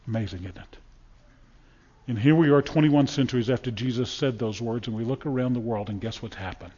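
A man preaching a sermon from the pulpit of a church, emphatic and dramatic, swinging from loud declarations to hushed, solemn lines. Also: mid-range voice, fast talker, in a large hall, lo-fi sound. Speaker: pastor. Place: church sanctuary.

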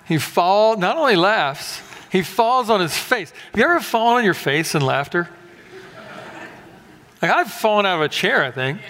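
A man's voice: high-pitched, bright, forceful tone. A male pastor giving a sermon in a conversational, joking and emphatic way. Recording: echoey hall.

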